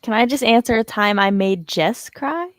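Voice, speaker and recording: A woman's voice: fairly high pitch, normal speed, dry recording. A woman on a video call chatting casually, dropping short dry quips. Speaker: guest. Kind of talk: casual group video chat.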